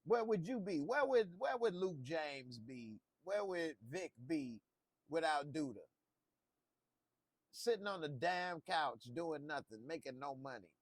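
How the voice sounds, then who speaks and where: A man's voice: fairly high pitch, animated, unhurried, no echo. A man reviewing a TV episode in a casual, joking way, talking back to what he watches. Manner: laid-back, joking, talks back to the screen. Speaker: TV show reviewer. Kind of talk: casual reaction commentary.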